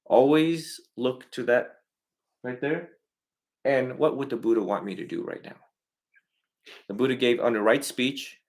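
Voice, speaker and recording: A man counseling a family in an animated way, getting loud and then soft, acting out parents and kids. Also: lowish voice. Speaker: Buddhist monk counseling a family.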